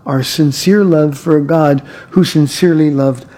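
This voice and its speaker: A man delivers a sermon as pastor in an earnest, storytelling way, often doubling words as he speaks. His voice is husky with a mellow, warm tone. He leans on personal anecdotes to make his points. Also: a little high, normal speed. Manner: earnest preaching with frequent word repeats and told anecdotes.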